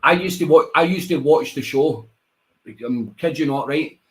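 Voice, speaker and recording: A man's voice: fairly high pitch, normal speed. A Scottish man, a wrestler guest on a radio show, telling stories in casual chat and acting out the voices. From Scotland. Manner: animated storyteller, acts out voices, laughs often.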